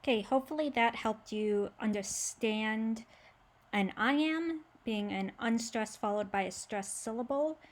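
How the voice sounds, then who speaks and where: A woman's voice: on the high side, a little slow. A woman teacher giving a casual, conversational explanation to her students.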